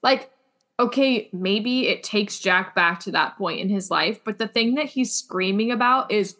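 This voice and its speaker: A woman's voice: on the high side, expressive, a little slow, fairly bright tone. A woman co-hosting a casual podcast, opinionated and swearing, with lots of "like" fillers. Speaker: podcast co-host. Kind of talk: casual chat.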